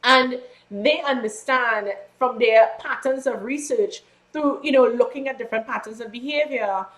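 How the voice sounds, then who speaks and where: Woman, classroom lecture, chatty, rhetorical questions, a bit high-pitched. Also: moderate pace, a bit bright. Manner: conversational, with rhetorical questions and fillers.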